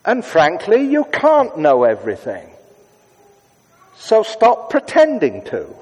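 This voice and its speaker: Man, preacher, conversational sermon, hushed prayerful asides, slightly high voice, long church reverb. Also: wildly swooping pitch, slightly rough. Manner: conversational, shifts between brisk asides and hushed prayerful tones.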